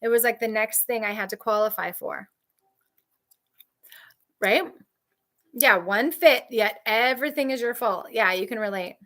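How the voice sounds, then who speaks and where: A woman's voice: measured pace, long pauses, pushed and bright. A woman coaching trauma survivors in a candid, emphatic talk, repeating key phrases and answering viewers. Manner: mimics others' voices in high shrill outbursts.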